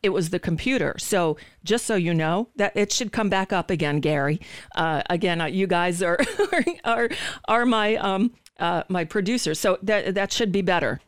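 A blunt, indignant woman hosts a political talk stream and swears without hesitation, tripping over her own restarts. Her voice sits low and comes through smooth and resonant. The studio microphone gives it a dry, close sound. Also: normal speed, no room sound. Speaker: talk show host. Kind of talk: livestream political commentary.

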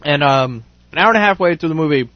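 A man's voice: a little high, expressive, fast talker, dry recording, dull audio. Man, podcast co-host, laid-back, laughs easily, dry close recording. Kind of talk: casual chat.

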